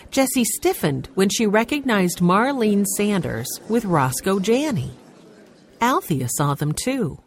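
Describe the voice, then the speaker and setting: A woman narrating a children's storybook and voicing the characters. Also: lowish voice. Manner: expressive, voices the characters. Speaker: audiobook narrator.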